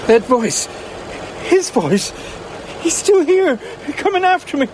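A man's voice: animated, extremely slow, fairly bright tone, slight background noise. An actor playing a terrified man in a taxi, frantic and fearful, in a radio drama. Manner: panicky, high and frantic. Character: terrified man fleeing a voice in a cab.

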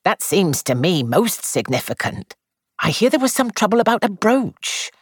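A woman's voice: medium pitch, very animated, normal speed, husky, no room sound, clean studio sound, voice pushed up. A woman reader voicing an eager, insinuating older village gossip.

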